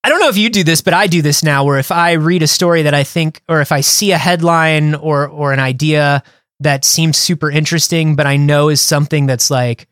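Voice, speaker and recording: A man with a fairly high speaking voice chats casually as a podcast co-host. He talks in loose, rambling stretches and piles up fillers as he thinks aloud. The sound is close and dead dry, with no room in it. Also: brisk, fairly bright tone, clear, resonant tone, no echo. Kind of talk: casual comedic chat.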